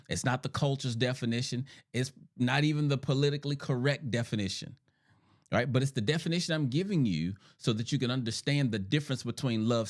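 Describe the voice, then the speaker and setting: A middle-aged therapist hosting a podcast delivers a teaching monologue, his pitch rising and falling animatedly as he walks listeners through his ideas. He's repetitive and emphatic, hammering key points and checking in with rhetorical "right?" and "okay?". He sounds slightly ill and clears his throat occasionally.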